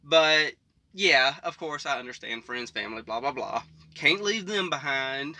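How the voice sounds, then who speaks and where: A man's voice: medium pitch, lively intonation, unhurried, pushed and bright, slight background noise. A man hosting a reaction video from the back of his parked semi truck, chatting casually and rambling with frequent chuckles.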